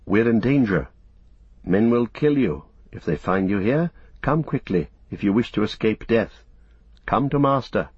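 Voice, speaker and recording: Earnest young hobbit, coaxing, pleading, man reading the part, husky voice, dry muffled sound. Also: lowish voice, expressive, measured pace, dry recording. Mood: urgent. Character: earnest young male hobbit, gentle but urgent. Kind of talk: audiobook character voice. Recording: dull, muffled recording.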